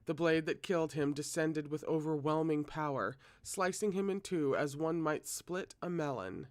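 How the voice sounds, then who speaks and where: Guy reading a book aloud, steady, kinda high voice, fixes his slips. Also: normal speed. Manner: steady, occasional self-corrections. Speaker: reader.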